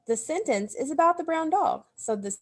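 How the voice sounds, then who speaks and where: A woman's voice: high-pitched, expressive, moderate pace, a bit bright. A woman teacher giving a recorded grammar lesson to young children, explaining step by step in a patient way. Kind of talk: recorded remote phonics lesson.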